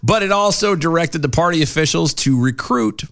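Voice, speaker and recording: Lively-voiced man reading news on a podcast. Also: a little high, normal speed. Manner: reads news items aloud, then argues opinions. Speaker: podcast co-host. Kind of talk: casual news chat. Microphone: studio mic with pop filter.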